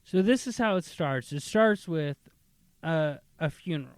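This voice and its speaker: A man hosting a podcast who rambles through a made-up movie plot and acts out the characters in quick bursts. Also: fairly high pitch, animated, smooth, dry recording. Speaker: podcast host pitching movie ideas. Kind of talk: casual chat, storytelling.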